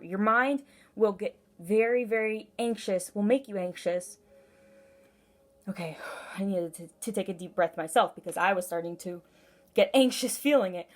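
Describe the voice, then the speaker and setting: A woman talks through a casual tarot reading from home in a voice of ordinary middle pitch. She rambles and gushes, circling back on herself with plenty of "like" and "um", and keeps the feel of an informal one-to-one reading. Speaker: tarot reader.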